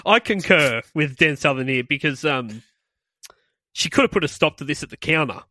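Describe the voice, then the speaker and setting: A man's voice: a little high, lively intonation, normal speed, sharp tone, no room sound. A man co-hosting a comedy chat, laughing often as he reads lyrics aloud. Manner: giggly, laughs through lines. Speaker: podcast co-host. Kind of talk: casual comedic banter, reading song lyrics aloud.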